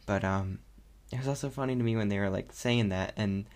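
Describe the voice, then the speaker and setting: Young man rambling casually, gravelly voice. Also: fairly low pitch, fairly quick. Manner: rambling, animated, many fillers. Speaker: podcast host. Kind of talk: casual solo podcast chat.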